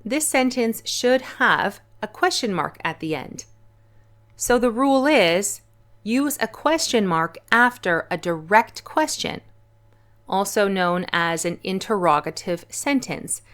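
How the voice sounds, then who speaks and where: On her own channel, a woman English teacher gives a clear, patient online lesson on punctuation. Her mid-range voice is animated and fairly bright, and she speaks at a slow pace.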